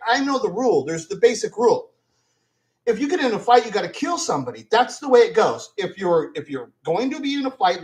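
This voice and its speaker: A man hosting a sports card channel, delivering an angry, profane rant that breaks into shouting. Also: high-pitched, low-quality recording. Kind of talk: profane ranting commentary.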